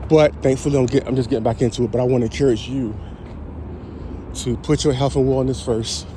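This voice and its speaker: A man's voice: medium pitch, steady tone, brisk, noisy background. A man giving an upbeat, encouraging wellness vlog to his viewers while walking outdoors. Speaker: health and wellness vlogger. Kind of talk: casual motivational vlog. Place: outdoors, walking on a route with trees.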